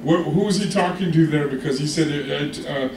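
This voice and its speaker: A man preaching a sermon as pastor, animated and often asking the congregation if they are with him. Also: on the high side, brisk, noisy background. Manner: animated, calls for congregation responses. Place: church hall. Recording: echoey hall from far off.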